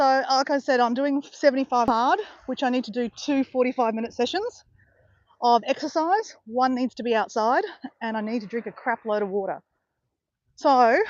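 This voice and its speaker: A middle-aged Australian woman livestreams a walk on the beach outdoors, chatting casually, rambling, and often correcting herself. Her voice is on the high side, and the audio is dull with no room sound.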